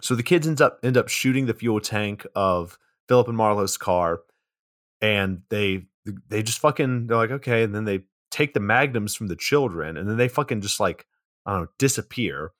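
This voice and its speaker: A lower-pitched man on a podcast, close and dry on the mic, running through a film's plot in a loose, chatty way. He swears freely and laughs as he talks. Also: expressive, moderate pace, a bit bright, no echo. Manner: casual, swears freely, laughs mid-sentence. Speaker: podcast co-host recapping a film. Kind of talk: casual movie recap chat.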